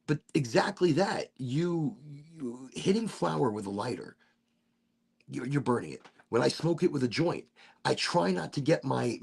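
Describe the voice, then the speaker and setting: A playful middle-aged man talks through a livestream demonstration with a gravelly, slightly husky voice. His pitch sits a little high and swings about a lot as he jokes and explains. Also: a little mellow. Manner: playful, breaks into silly voices and asides. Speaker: streamer demonstrating a vaporizer.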